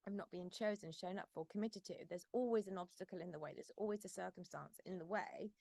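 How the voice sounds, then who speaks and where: A woman's voice: lowish voice, vocal fry, dry recording. A woman manifestation coach speaking insistent, repetitive affirmations and then chatting loosely to her viewers. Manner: emphatic, repetitive self-affirming declarations; loose chatty delivery with many fillers. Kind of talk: spoken affirmations and vlog talk.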